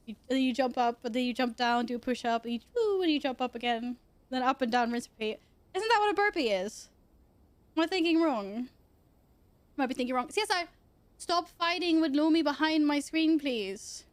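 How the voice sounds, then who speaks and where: A woman's voice: high voice, dry recording. A young woman streaming from her computer at home, chatting casually, swearing freely and cooing at her cats. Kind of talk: casual chat.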